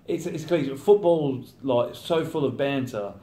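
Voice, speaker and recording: Chatty footballer in a roomy space. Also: male voice, mid-range voice, unhurried, dark tone. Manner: chatty, acts out teammates' banter. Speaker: professional footballer. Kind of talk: casual interview chat. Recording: roomy echo.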